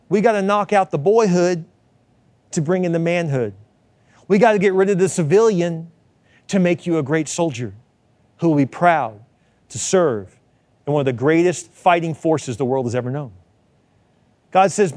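A man delivers a sermon in a notably high voice, recorded close and dry with little room sound. He preaches with emphatic repetition and acts out quoted lines. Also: lively intonation, a little fast, darkish tone, no echo. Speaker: pastor.

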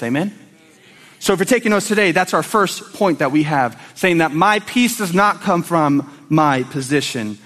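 Lively high-voiced male preacher in a hall. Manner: animated, acts out scenes with voices. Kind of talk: sermon.

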